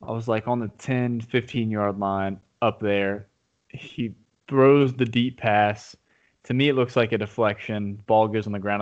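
A man in casual sports talk, telling a game story with excited, rambling restarts. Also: lowish voice. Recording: dull lo-fi audio.

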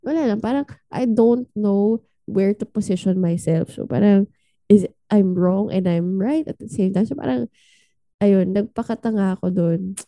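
Mellow-voiced Filipino woman telling a story. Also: mid-range voice, moderate pace, no echo. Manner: animated, switching between English and Filipino, acting out quoted lines. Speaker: podcast co-host. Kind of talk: casual storytelling chat.

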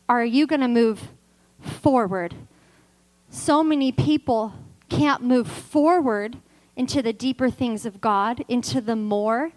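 A woman preaching a sermon with passion, swinging from loud emphatic declarations to soft, intimate storytelling with touches of self-deprecating humor. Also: sits high, rough recording.

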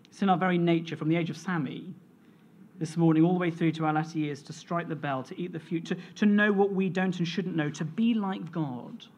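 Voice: mid-range voice, steady tone, fairly quick, a little mellow. A preacher delivering a sermon in an earnest, storytelling manner, reading scripture and sharing a family anecdote.

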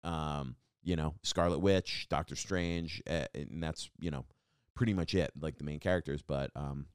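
A young man from Long Island hosting a podcast, telling stories and ranting in a rambling, profane, animated way. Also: extremely low pitch, normal speed, clean tone, no echo, clean studio sound. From Long Island, New York. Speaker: podcast host. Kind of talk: casual storytelling monologue.

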